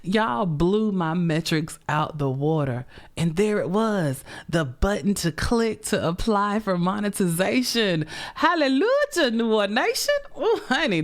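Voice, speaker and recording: A middle-aged woman hosting her podcast in casual, sassy chat, tired and run down, swearing freely and calling listeners honey. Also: deep voice. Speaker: podcast host.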